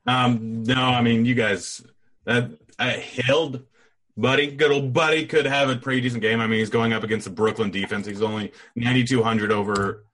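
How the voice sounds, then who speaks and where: Bright-voiced joking man. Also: medium pitch, steady tone, normal speed. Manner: joking, easygoing. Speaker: podcast co-host. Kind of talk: casual sports chat.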